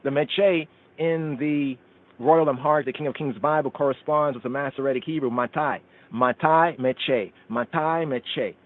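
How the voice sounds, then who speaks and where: This radio show host teaches scripture in a mid-range male voice at an ordinary speed, reciting verses in both Amharic and Hebrew. He breaks each one down word by word, and the audio has the sound of a phone-line call-in broadcast.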